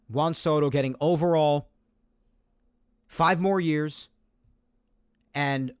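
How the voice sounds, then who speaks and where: A man's voice: medium pitch, clear, resonant tone, no room sound, studio quality. Emphatic man ranting on a sports podcast. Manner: emphatic, argumentative, repeats points. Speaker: podcast host. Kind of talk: opinionated solo sports talk.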